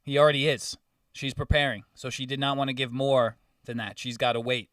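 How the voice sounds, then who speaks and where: A young man on a podcast, telling stories in a casual, animated way, swearing and acting out customers in raised voices. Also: medium pitch, brisk, no echo, clean studio sound, distant mic. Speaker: podcast co-host. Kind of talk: casual storytelling chat.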